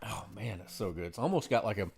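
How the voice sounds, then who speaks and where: A man with a Southern American accent, co-hosting a casual stream chat, rambling in a relaxed, self-deprecating way. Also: on the low side, fast talker, vocal fry, husky, soft background music. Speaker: co-host.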